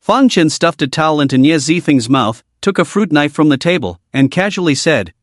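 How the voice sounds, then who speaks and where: A man narrating a story recap in a brisk storytelling manner. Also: fairly high pitch, lively intonation, no room sound, studio quality.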